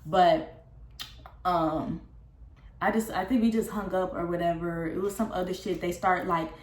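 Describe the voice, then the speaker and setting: A young woman telling a casual storytime vlog, recounting a falling-out in a candid, profane and animated way. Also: on the low side, a little slow. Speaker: vlogger. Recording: roomy echo.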